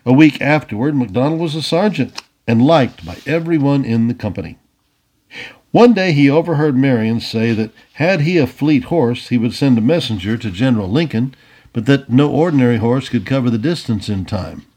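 A man reading a historical story aloud as a storyteller, lively, with casual asides. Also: mid-range voice, normal speed.

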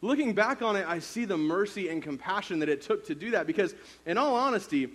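Youth pastor, man, 30s, relaxed sermon storyteller, a bit high-pitched. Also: a little fast. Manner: casual storytelling, many fillers.

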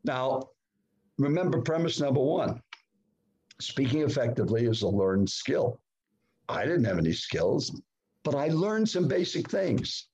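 A man in his seventies, a guest in a podcast interview, telling a personal story with dramatic swings in pitch. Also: very animated, measured pace, darkish tone, highs cut off. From United States. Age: 70s. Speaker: guest speaker.

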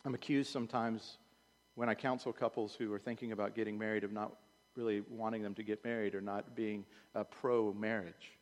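Preaching man in a reverberant church. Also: mid-range voice. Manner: animated preaching, swings from loud urging to quiet. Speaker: pastor. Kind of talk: sermon. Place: church sanctuary. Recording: long hall reverb.

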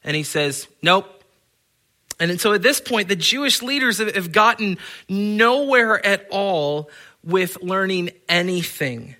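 Bright-voiced emphatic male preacher. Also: sits high, animated, unhurried. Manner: earnest, emphatic, with frequent stammered restarts. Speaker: pastor. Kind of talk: sermon.

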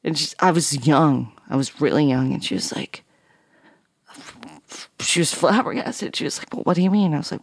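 Swearing, animated woman telling a story. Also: low voice, normal speed, gravelly, breathy edge, no echo, clean studio sound. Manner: animated, swears a lot, acts out dialogue. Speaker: podcast guest. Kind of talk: casual storytelling.

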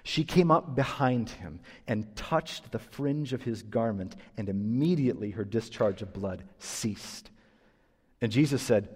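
A man pastor delivers an animated, emphatic sermon in a middle register. His voice carries a long reverb through a church sanctuary. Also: mid-range voice, a little slow, husky.

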